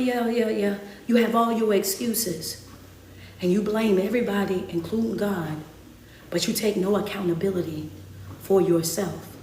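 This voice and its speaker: A woman giving a motivational sermon, emphatic and repetitive, now and then rising to shouts. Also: medium pitch, fairly even intonation, normal speed, a little hiss or hum. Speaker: motivational speaker. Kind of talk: motivational preaching. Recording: roomy, distant mic, faint ambience.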